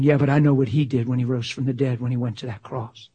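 A man preaching a sermon with passion, swinging from loud exclamations to near-whispers. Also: mid-range voice, steady tone, fast talker, husky.

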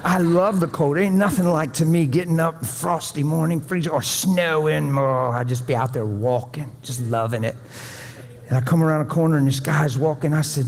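A man's voice: a little high, moderate pace, a little mellow. A man preaching a sermon to a room, folksy and conversational, pleading with his listeners. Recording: long hall reverb.

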